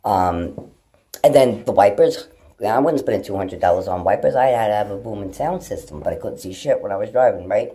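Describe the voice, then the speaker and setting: A middle-aged woman with a warm, breathy-edged bass voice talks briskly and expressively. She's at home indoors, phone in hand, rambling loosely to camera, swearing freely and chatting to her pets.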